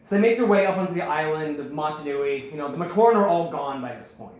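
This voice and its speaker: A man hosting a casual storytelling recap, rambling and animated, acting out the quotes. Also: a little high, quick pace. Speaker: host. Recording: very echoey room.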